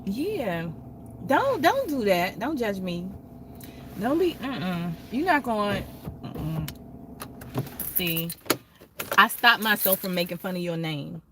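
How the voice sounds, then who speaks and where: Slow-talking chatty woman on a livestream. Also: mid-range voice, background noise. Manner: chatty, animated storytelling with quoted voices. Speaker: livestream host. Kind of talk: casual livestream chat with viewers.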